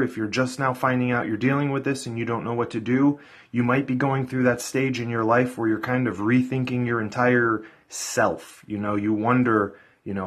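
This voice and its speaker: Male vlogger, husky mid-pitched voice, blunt and profane motivational delivery. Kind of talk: casual motivational talk to camera.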